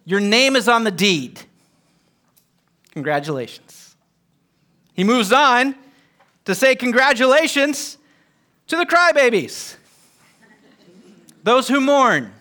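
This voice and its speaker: A man's voice: very high-pitched, animated, slow, long pauses, bright, forceful tone. A man teaching a Bible lesson to a group, emphatic, often putting questions to his listeners.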